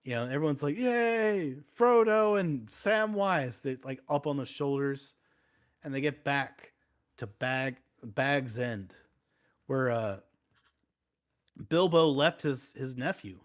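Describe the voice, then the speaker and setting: A man's voice: mid-range voice, slow pace, long pauses. A man in casual chat, telling a loose, rambling stand-up story as a guest. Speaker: comedian guest.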